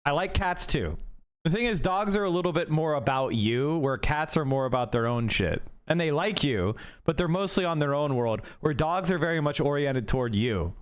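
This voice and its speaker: A male live streamer in casual chat, arguing his points quickly and talking straight to his viewers, his voice going hoarse. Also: a little high, expressive. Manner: fast, argumentative, talks straight to chat. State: losing his voice.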